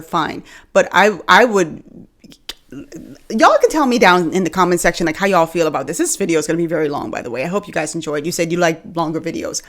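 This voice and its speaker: Lively young woman from the Bahamas chatting. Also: on the low side. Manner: animated, joking, addresses viewers as y'all. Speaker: video host. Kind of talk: casual talk to camera.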